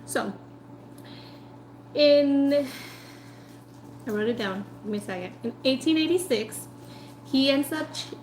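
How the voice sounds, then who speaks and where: A woman food vlogger telling a story in a chatty, animated way while eating, full of "like" and asides. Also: high-pitched, slow, pauses often, echoey room, a little hiss or hum, rough recording.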